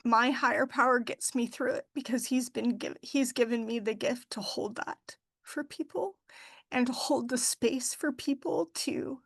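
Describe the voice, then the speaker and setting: A middle-aged woman, a funeral director, talking heartfelt about her work and faith with many pauses and fillers. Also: a little high, fairly even intonation, gravelly, fairly bright tone, no echo. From Idaho. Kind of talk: emotional interview talk.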